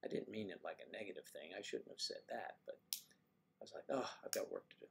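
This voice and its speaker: A man's voice: low-pitched, animated, brisk, vocal fry, fairly bright tone, slight background noise. An older man hosting a casual livestream, musing aloud and trading folksy sayings in a loose, rambling way. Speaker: livestream host.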